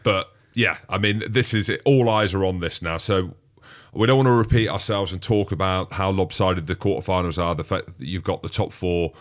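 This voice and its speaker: Very deep-voiced man in excited rugby chat. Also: moderate pace. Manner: animated storyteller who acts out quotes. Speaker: rugby podcast co-host. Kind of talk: casual sports chat.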